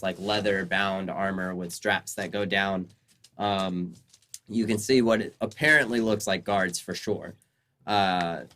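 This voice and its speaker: A young man with a lowish, slightly bright voice narrates a tabletop game as dungeon master. His rambling descriptions are packed with ums and uhs.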